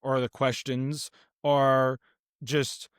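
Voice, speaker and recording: Man, podcast co-host, casual film chat, earnest and opinionated, smooth clear voice, dry close mic. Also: medium pitch, level tone, very slow, no room sound. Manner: earnest, opinionated, many fillers and restarts.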